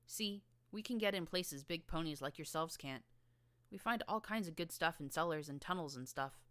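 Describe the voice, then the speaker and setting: A woman voicing a tough, streetwise young filly gang leader with a rough rural drawl and a blunt, slangy manner. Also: deep voice, lively intonation, moderate pace, a bit bright, no room sound.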